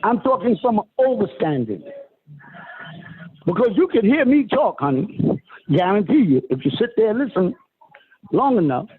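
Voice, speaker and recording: A man's voice: sits high, sing-song, moderate pace, pauses often. A man preaching a lecture to listeners on a phone call, emphatic and swooping, addressing them as honey and sister. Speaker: self-styled spiritual teacher. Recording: tinny phone line with faint hiss.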